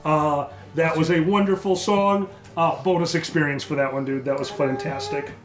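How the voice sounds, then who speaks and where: A man's voice: fairly high pitch, fairly even intonation, normal speed, roomy sound. A man narrating dramatically as game master of a tabletop role-playing game. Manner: dramatic storytelling with laughs.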